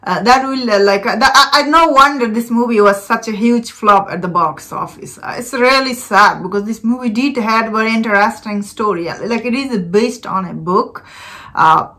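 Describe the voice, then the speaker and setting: Bright-voiced chatty woman reviewing a film. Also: moderate pace. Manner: chatty, many fillers and laughs, expressive rises in pitch. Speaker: movie reviewer. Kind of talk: casual spoken film review.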